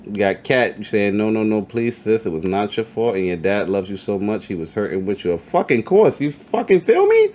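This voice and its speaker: Low-voiced profane man hosting an interview. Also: huge pitch swings, moderate pace, hardly any pauses, darkish tone. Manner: profane, hype, reads chat comments aloud. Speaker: podcast host. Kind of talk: casual interview chat. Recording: faint background noise.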